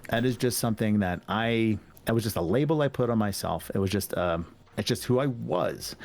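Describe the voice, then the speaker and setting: A man's voice: on the low side, brisk, creaky, darkish tone. A man, a podcast guest, talking candidly and reflectively in casual chat, acting out quoted dialogue and laughing often. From United States.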